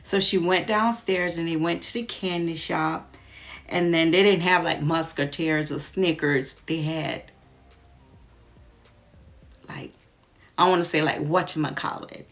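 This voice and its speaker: A woman's voice: low-pitched, steady tone, measured pace, pauses often, fairly bright tone, faint music behind. A woman vlogger chatting casually, retelling a story while doing her makeup.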